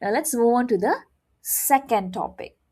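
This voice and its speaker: A woman's voice: on the high side, normal speed. A woman teaching a beginner language lesson, speaking expressively and modeling sounds with exaggerated tones while checking in with her learners. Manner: repeats "all right?" to check understanding.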